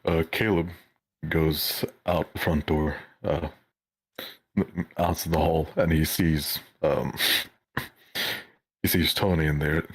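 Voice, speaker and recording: A man narrating as game master of a tabletop game, hesitant with many pauses. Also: a bass voice, level tone, husky.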